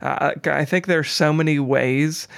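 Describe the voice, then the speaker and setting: A man's voice: a little high, normal speed, vocal fry, fairly bright tone. A man co-hosting a podcast, offering his views in casual commentary with frequent stumbles and restarts. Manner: thoughtful, stumbles and restarts often. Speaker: podcast co-host.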